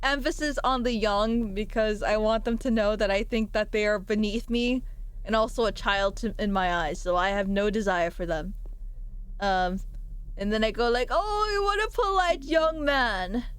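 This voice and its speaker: This young adult woman streamer has a clean, medium-pitched voice at normal speed, though the recording quality is low. While gaming she chats in an animated, jokey way, drifting from one thought to the next.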